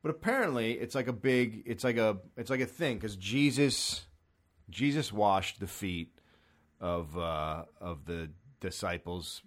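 A man's voice: fairly low pitch, measured pace. A man from America doing a rambling, profane comedy monologue, sarcastic and acting out little voices. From United States.

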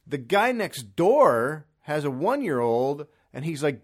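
A man hosting a podcast alone at home, ranting comically in an exasperated, profane way with sudden loud bursts. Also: on the high side, very animated, slow, hardly any pauses. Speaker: podcast host. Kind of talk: solo comedic rant. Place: son's room in an apartment. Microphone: studio microphone.

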